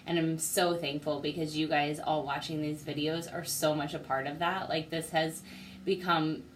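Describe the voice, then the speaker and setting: A woman's voice: low-pitched, flat delivery, moderate pace, slight background noise, low-quality recording. A young woman talking heartfelt and grateful in a personal video diary, close to tears. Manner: heartfelt and grateful, speaks through emotion. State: teary. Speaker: vlogger.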